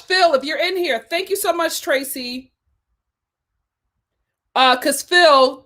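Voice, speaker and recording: A woman's voice: very high-pitched, moderate pace, long pauses, a bit bright. A young woman hosting a casual live stream, chatting animatedly, reading viewer comments aloud and laughing often. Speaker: live-stream host reviewing a reality show.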